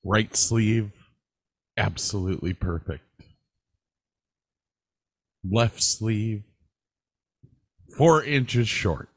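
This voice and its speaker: A man co-hosting a podcast, telling animated stories in casual chat and swearing now and then. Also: on the low side, extremely slow, long pauses, no echo. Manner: animated storyteller, swears, mimics people he quotes. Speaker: podcast co-host.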